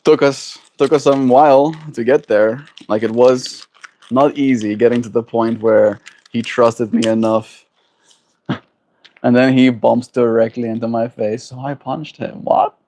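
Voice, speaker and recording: A man hosting a daily livestream, chatting casually and warmly greeting viewers by name in a laid-back, upbeat way. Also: medium pitch, steady tone, unhurried. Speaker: livestream host.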